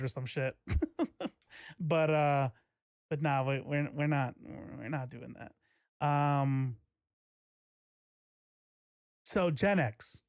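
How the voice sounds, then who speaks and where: A man's voice: fairly high pitch, drawn-out words, pauses often, no room sound, studio quality. A man in his forties hosting a live stream, chatting casually in a rambling way, laughing and breaking off mid-sentence. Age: 40s. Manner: rambling, laughing, self-interrupting. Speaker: streamer host.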